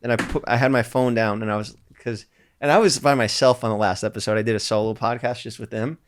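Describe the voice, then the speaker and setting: A man's voice: medium pitch, steady tone, quick pace, a little hiss or hum. A young man hosting a podcast, rambling and swearing in loose casual chat. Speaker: podcast host.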